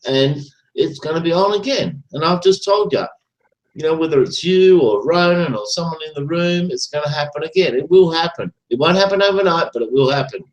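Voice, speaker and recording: On a muffled recording with a roomy echo, a male livestream host rambles and curses, circling back over the same points. His fairly high voice is expressive and a little fast.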